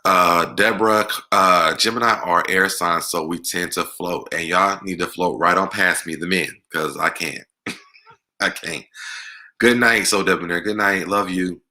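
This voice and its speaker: A man's voice: deep voice, fairly even intonation, normal speed, few pauses, sharp tone. A young man hosting a livestream, reading viewer comments aloud and answering them in a chatty, laughing way. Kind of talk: casual chat.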